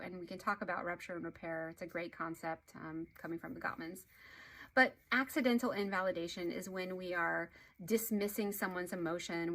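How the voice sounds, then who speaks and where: A woman relationship therapist giving an earnest, explanatory talk to camera, with animated emphasis. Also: fairly low pitch.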